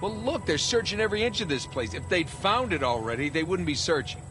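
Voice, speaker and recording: A man's voice: high-pitched, big pitch swings, brisk, music in the background. An actor playing a male adventurer with a direct, questioning manner in video game cutscene dialogue.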